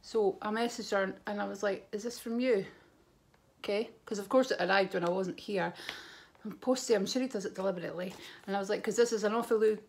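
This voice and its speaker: A woman's voice: medium pitch, fairly even intonation, fast, creaky, darkish tone. A Scottish woman vlogging from home, chatting to camera in an effusive, storytelling way. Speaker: beauty vlogger. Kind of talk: casual chat to camera.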